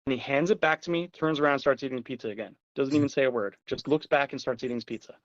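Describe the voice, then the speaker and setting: A man's voice: medium pitch, rapid-fire, no echo. Man telling stories, dull dry sound. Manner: animated storyteller, swears casually. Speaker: podcast host. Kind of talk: casual chat.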